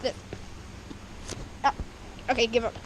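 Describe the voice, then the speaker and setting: A woman's voice: fairly high pitch, little pitch movement, a little slow, slight background noise, low-quality recording. A woman from Canada walking through her backyard dirt track outdoors, rambling and chatty, giggling often as she talks to an action camera. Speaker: vlogger showing a homemade dirt bike track. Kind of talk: casual walkthrough narration.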